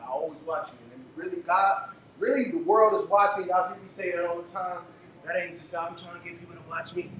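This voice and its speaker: A man hosts a live event, firing call-and-response at the crowd and drifting into loose, preachy stories in a high voice. The sound is roomy and distant, with faint noise behind it. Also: a bit bright. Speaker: event host. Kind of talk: motivational talk to a live audience. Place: event venue before a crowd. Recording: echoey room from far off, faint noise.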